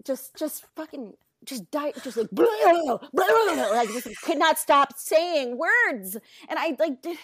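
A woman in her thirties telling a story in casual chat, animated and exasperated, swearing and cutting herself off. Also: high voice, a little slow, hardly any pauses, no echo.

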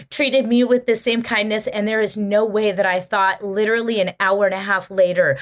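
Animated woman telling a story. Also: mid-range voice. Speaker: musician guest. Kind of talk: storytelling interview.

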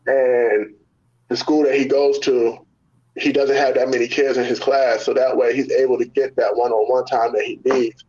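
Relaxed man on a dull lo-fi line. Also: medium pitch, normal speed, breathy edge. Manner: relaxed, encouraging short replies. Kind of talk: casual interview chat. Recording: dull lo-fi sound.

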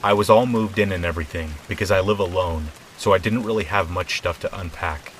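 A man with a very deep voice reads a scary story aloud, calm and measured. Soft rain patters faintly behind him. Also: a little hiss or hum, low-quality recording. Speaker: horror story narrator. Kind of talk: scripted narration.

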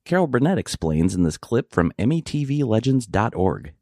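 A man giving scripted documentary narration in an informative, expressive manner. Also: mid-range voice, moderate pace, no echo, clean studio sound.

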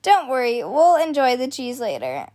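A woman's voice: high voice, wildly swooping pitch, moderate pace, a little mellow. Woman doing a bouncy young boy pig. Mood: excited. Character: lively young male pig, curious traveler.

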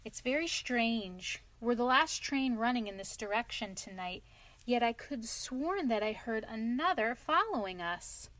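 A woman voicing a kindly, plain-spoken male engine driver with steady, homely speech in a storybook reading. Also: on the high side, a little slow, no echo. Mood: puzzled.

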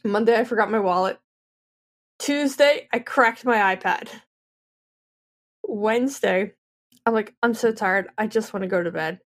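A woman in her thirties on a casual podcast, telling a story with lively back-and-forth dialogue. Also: mid-range voice, a little slow, pauses often. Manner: animated storyteller, acts out both sides of dialogue. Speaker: podcast co-host.

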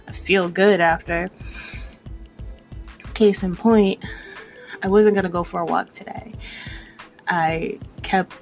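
Young woman vlogger, rambly and candid, slightly low voice, faint music under it. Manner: rambling, candid, laughs often, swears casually. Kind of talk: casual personal vlog monologue.

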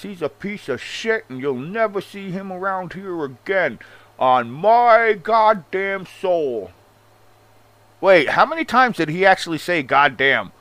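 A man's voice: mid-range voice, bright, forceful tone, rough recording. Sarcastic, profane male podcast ranter. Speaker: podcast host. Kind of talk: casual rant about wrestling.

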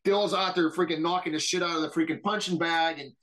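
Man, middle-aged, fairly high voice, profane, animated, casual podcast storytelling. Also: fast talker. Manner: animated, profane, mimics others in quotes. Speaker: podcast guest.

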